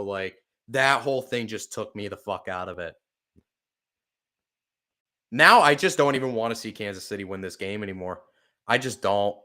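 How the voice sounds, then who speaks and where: Smooth-voiced man calling plays live. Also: on the low side. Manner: swearing, apologetic and upset, bursts of excitement on plays. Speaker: play-by-play podcast host. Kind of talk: live fan play-by-play commentary.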